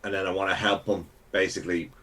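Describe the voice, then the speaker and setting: A man's voice: sits low, flat delivery, fast, a crowd in the background. A man playing in a tabletop game, stating his actions plainly and matter-of-factly. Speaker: player. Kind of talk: casual chat.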